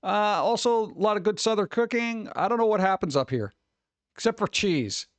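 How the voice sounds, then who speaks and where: A man's voice: high-pitched, moderate pace, dry recording. Rambling jokey streamer guy, dry mic. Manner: rambling, jokey and animated, with exaggerated rants. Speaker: streamer host. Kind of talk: casual chat reacting to viewer messages.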